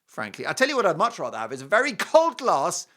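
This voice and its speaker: British male host, lively scornful commentary, bright, ranging voice. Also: high voice, fast talker. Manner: animated and mocking, with scornful asides. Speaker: talk show host. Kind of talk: opinionated commentary on clips.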